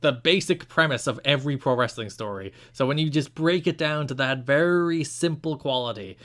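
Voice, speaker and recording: A man's voice: mid-range voice, normal speed, a bit bright. A man co-hosting a podcast, explaining at length in a casual, opinionated way with frequent restarts. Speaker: podcast co-host.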